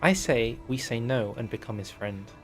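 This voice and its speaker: A man's voice: medium pitch, moderate pace, soft background music. A man streaming a strategy game, chatting casually and joking while reading the event text aloud. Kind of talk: casual gameplay commentary.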